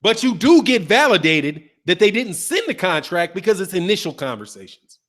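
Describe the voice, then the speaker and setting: A man with a high-pitched voice hosts a boxing talk show, arguing a point to his viewers. He keeps repeating words and firing rhetorical questions in a loose, casual way, with some profanity and street slang. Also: big pitch swings, moderate pace, fairly bright tone. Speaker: boxing channel host. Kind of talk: casual commentary to a live chat.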